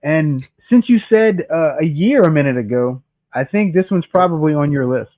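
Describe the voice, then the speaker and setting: A man's voice: a little high, expressive, moderate pace. A man co-hosting a casual live film chat, enthusiastic but stumbling over repeated words. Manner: enthusiastic, stammering repetitions. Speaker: co-host. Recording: dry tinny call audio.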